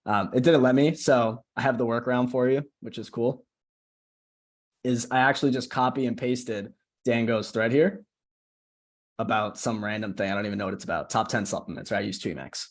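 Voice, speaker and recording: A man's voice: medium pitch, fairly even intonation, a little fast. A young man casually walking a group call through a screen-share tutorial, often checking in with "right?". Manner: casual, chatty, keeps asking "right?". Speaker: social media coach.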